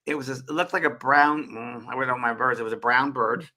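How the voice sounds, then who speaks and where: A man's voice: medium pitch, fairly even intonation, brisk, pushed and bright. A man co-hosting a casual spiritual chat show, musing aloud and often repeating and restarting his words. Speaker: co-host.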